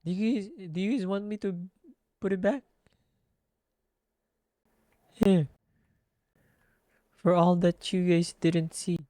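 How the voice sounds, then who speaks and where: Streamer swearing at chat. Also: male voice, high-pitched, steady tone, a little slow, warm tone, no room sound. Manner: talks to chat, swears, mixes languages. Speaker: streamer reacting to videos. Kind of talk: casual reaction commentary.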